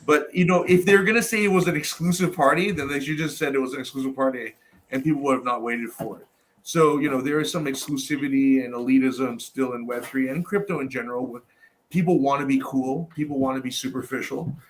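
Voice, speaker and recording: A man's voice: mid-range voice, steady tone, a little fast, a little hiss or hum. A man talking in a casual roundtable chat, ranting and swearing for emphasis.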